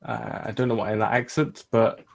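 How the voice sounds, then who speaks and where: Male player, gravelly texture, easygoing and matter-of-fact table talk. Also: medium pitch, flat delivery, fairly quick, dry recording. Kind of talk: casual game table chat.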